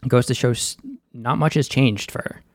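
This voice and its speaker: A man's voice: medium pitch, moderate pace, no echo. Young boston guy recapping a show, chatty and slangy, very dry close sound. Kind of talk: casual recap commentary.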